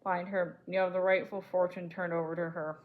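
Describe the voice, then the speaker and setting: A woman voicing a calm, careful family man who speaks reassuringly in a storybook reading. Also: fairly low pitch, fairly quick, phone-quality sound, close to an everyday voice.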